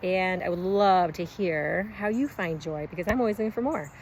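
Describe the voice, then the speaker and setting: A woman's voice: lowish voice, normal speed, slight background noise. Earnest woman in her forties, vlogging. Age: 40s. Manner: earnest, candid, animated bursts of enthusiasm. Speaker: health coach. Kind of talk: casual vlog talk to camera.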